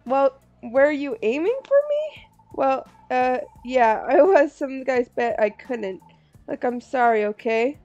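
A woman voicing a cocky but sheepish teenage jock boy, reading game dialogue aloud with halting pauses. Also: high-pitched, very animated, darkish tone, no room sound, lo-fi sound, faint music behind, pitched above the performer's own voice, heavily acted.

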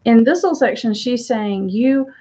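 A woman relationship coach giving calm, direct commentary on an audio clip. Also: a little high, normal speed, highs cut off.

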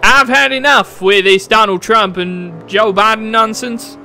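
A man putting on a cranky American hillbilly man's voice, loud and drawling. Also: high voice, measured pace, soft background music, exaggerated voice. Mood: fed-up. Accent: put-on American hillbilly.

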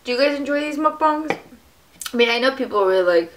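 A woman's voice: high voice, lively intonation, fast, fairly bright tone. A young woman chatting casually while she eats, with frequent fillers and little "mm" sounds. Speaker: fitness vlogger. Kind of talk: casual mukbang chat to camera.

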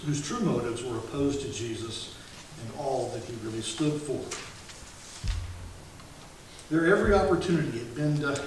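A male pastor preaching an earnest expository sermon, with occasional self-corrections, recorded in a church. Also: medium pitch. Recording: echoey sanctuary from far off, hiss.

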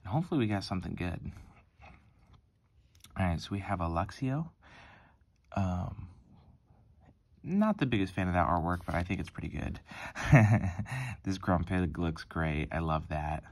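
A young man hosting a card-opening vlog, talking softly and hesitantly with lots of ums as if still sleepy. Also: sits low, animated, measured pace, long pauses. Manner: soft-spoken and hesitant, many ums and likes, near-whispering. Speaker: card-opening channel host. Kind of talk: casual pack-opening vlog.

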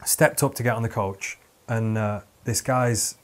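A man's voice: on the low side, steady tone, unhurried. Young male podcast host spinning a long, rambling comic tale with frequent fillers. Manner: rambling, self-interrupting with many fillers. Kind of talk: casual comedic storytelling.

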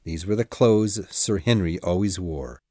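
A man narrating an audiobook in a dramatic, measured storytelling manner. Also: low voice, dark tone, no echo, clean studio sound. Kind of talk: scripted narration.

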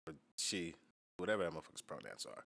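Man, american accent, low voice, profane reaction banter. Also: very animated, quick pace, vocal fry. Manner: profane, loud, laughing banter. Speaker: reaction streamer. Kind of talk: casual reaction commentary.

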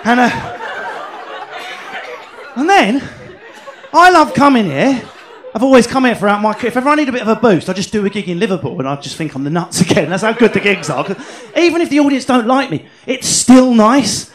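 A man doing a stand-up comedy set in a comedy club, brash and sweary, telling animated stories. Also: high-pitched, fairly quick, long pauses, a faint crowd.

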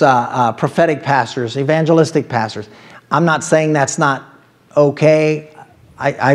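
A man with an Ohio accent preaching a sermon as pastor, talking in a conversational way with asides and laughs. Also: a little high.

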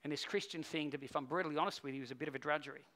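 A man preaching a sermon in a high, bright voice. He tells stories, climbing to loud, urgent peaks and then dropping into low, quiet stretches. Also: very fast. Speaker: pastor.

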